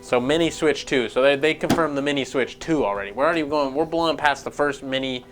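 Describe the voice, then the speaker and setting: Profane, excitable man ranting about games. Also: mid-range voice, fast, music in the background. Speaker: gaming news host. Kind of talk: casual ranting commentary.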